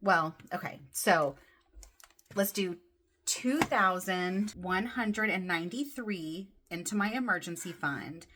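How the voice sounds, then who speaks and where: Excitable woman counting cash. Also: on the low side. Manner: excitable, counts money aloud softly then gushes. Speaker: budgeting vlogger. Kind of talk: casual vlog, counting cash. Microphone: desk camera mic, off-camera voice.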